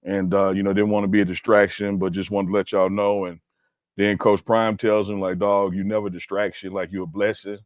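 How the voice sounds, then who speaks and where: A man's voice: on the low side, little pitch movement, brisk, no room sound, highs cut off. A man co-hosting a casual sports talk show, telling stories with emphatic, laid-back slang. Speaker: co-host.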